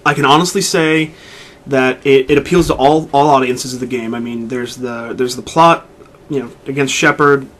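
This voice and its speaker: A man's voice: medium pitch, moderate pace. A man co-hosting a podcast, chatting casually and retelling a video game at length with lots of restarts. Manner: rambling, animated retelling of a game. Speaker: podcast co-host. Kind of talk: casual chat.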